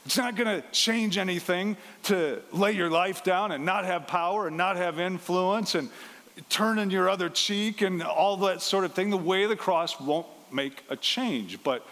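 A pastor preaching a conversational sermon, walking through a scripture passage and briefly acting out the voices in it. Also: male voice, high voice, a little slow, a bit bright. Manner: conversational, acts out the quoted lines. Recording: long hall reverb.

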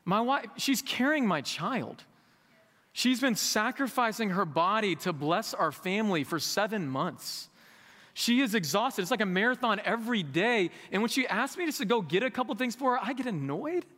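A man preaching a sermon with a high, bright, ringing voice. He talks candidly and conversationally, then lifts into emphatic peaks. The sound carries a long reverb from a large hall. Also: expressive, normal speed. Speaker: pastor.

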